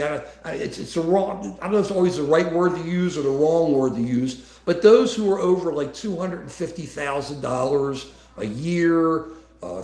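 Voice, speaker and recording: A man's voice: a little high, darkish tone. A man co-hosting a casual political livestream, talking in a rambling way with many restarts. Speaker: livestream co-host. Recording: echoey room.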